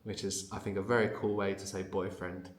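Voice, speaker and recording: A man's voice: deep voice, flat delivery, a little fast. Man teaching a language in a roomy space. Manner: patient, prompting, explains at length. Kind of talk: guided language lesson.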